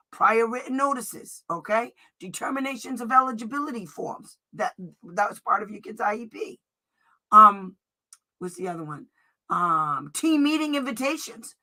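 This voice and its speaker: A woman's voice: on the high side, pushed and bright. A woman advocate giving an informal lesson, emphatic and direct, reading letter passages aloud and checking in with "okay?". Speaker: special education advocate. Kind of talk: informal teaching presentation.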